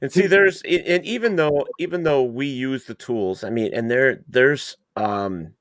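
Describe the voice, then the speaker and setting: A man, a paranormal investigator guest, talking in a halting, rambling way in casual podcast chat. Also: medium pitch, no room sound, clean studio sound.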